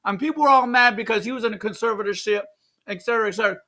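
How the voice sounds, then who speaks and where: A woman co-host giving jokey, animated commentary with frequent exclamations. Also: a little high, very fast. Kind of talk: casual commentary.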